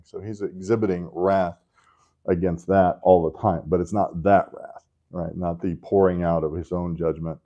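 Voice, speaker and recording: A man's voice: sits low, mellow. A man teaching a Sunday school class in a casual, conversational way, tossing in joking asides and often checking in with "right?".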